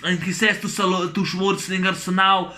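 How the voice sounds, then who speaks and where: A man's voice: high-pitched, little pitch movement, a little fast, sharp tone. A man with giving a profane, rambling movie rant, full of fillers and restarts. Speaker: movie reviewer.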